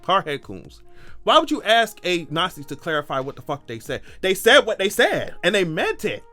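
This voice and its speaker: A man giving sarcastic, animated, profane commentary in a casual vlog. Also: high voice, brisk, soft background music. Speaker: commentary vlogger.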